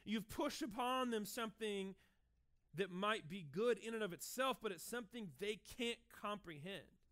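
A man in his thirties preaching a sermon in a conversational, animated way, acting out short dialogues as he goes. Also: sits high, normal speed. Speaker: pastor.

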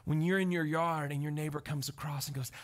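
A man preaching a conversational sermon as pastor, telling stories with animated delivery and often checking in with the crowd. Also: on the high side, brisk. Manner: animated storytelling, often asks the crowd "right?".

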